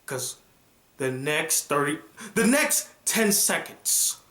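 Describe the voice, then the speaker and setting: Male TV reviewer, high and bright voice, excitable retelling, echoey room. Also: takes it slowly. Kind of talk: casual reaction review.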